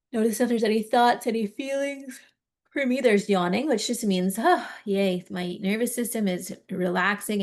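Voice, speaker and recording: A woman coaching a live tapping session, gently guiding listeners through each point and encouraging them as she goes. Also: mid-range voice, vocal fry. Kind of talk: guided tapping lesson, live.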